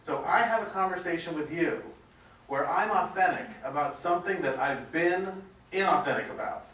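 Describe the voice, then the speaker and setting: A man's voice: fairly high pitch, lively intonation, normal speed, a bit bright. Earnest male seminar coach, recorded from across an echoey room. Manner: earnest, asks questions and calls on people. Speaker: seminar leader. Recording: echoey room from far off with noise.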